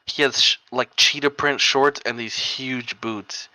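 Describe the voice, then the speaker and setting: A man's voice: medium pitch, fairly even intonation, a little slow, bright, forceful tone, no room sound. A young man co-hosting a casual podcast, telling rambling stories full of "like" and laughing often. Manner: rambling storyteller, heavy filler "like", laughs often. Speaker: podcast co-host. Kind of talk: casual chat.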